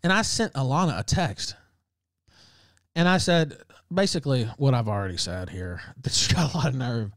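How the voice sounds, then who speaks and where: A man's voice: medium pitch, animated, normal speed, dry recording. A man hosting a livestream, ranting in heated, profane casual talk and breaking into laughs. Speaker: livestream host.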